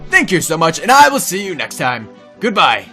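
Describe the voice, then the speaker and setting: A man giving excitable gameplay commentary as a gaming video host, yelping and shouting at the game and talking to the enemies. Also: on the high side, normal speed, faint music behind. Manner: talks to himself and the enemies. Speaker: gaming YouTuber.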